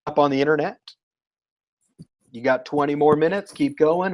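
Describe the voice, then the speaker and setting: A man talking as a guest educator in a casual interview, telling lively stories and acting out what people said. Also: a little high, normal speed, pauses often, low-quality recording. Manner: animated storyteller, acts out quotes.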